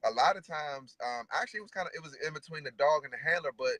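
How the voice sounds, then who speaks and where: Male guest, relaxed trainer, bright forward tone, dry close sound. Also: fairly high pitch, quick pace, no echo, low-quality recording. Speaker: guest dog trainer and decoy. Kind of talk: casual conversation.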